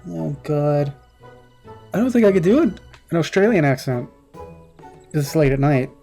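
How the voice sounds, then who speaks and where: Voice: medium pitch, lively intonation, normal speed, dark tone, faint music behind. A gaming streamer making casual, self-deprecating asides with some swearing during a let's-play.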